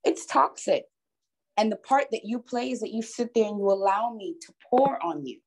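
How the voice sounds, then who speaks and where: A woman's voice: on the high side, lively intonation, moderate pace, rough recording. A woman co-hosting a casual conversation, making her points with emphatic repetition. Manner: emphatic, repeats words for stress. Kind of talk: casual chat.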